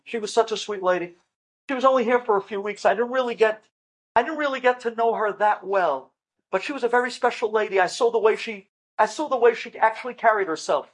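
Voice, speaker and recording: A man voicing a gentle elderly mother in a nursing home, talking softly and chattily. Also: sits high, fast, rough recording. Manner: soft, chatty.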